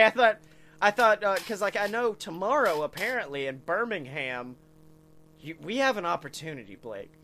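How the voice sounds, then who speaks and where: A man, co-hosting a podcast and telling funny stories in an animated, swearing, laughing way. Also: high-pitched, slight background noise. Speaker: podcast co-host. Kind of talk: casual comedic storytelling.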